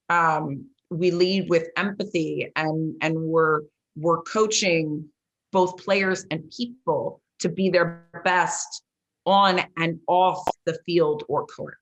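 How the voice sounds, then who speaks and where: A woman hosting a sports podcast, telling stories in a lively, chatty way with plenty of "like" and "you know". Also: low voice. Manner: lively storyteller, many "like" and "you know" fillers. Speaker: podcast host and former football coach. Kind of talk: casual interview chat.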